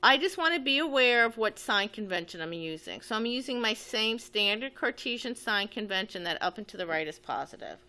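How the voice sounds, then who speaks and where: A woman's voice: medium pitch, lively intonation, a little fast, hardly any pauses, sharp tone. A woman teaching physics, talking methodically through a problem as she writes and draws. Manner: methodical, thinks aloud while writing. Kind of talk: step-by-step physics lesson.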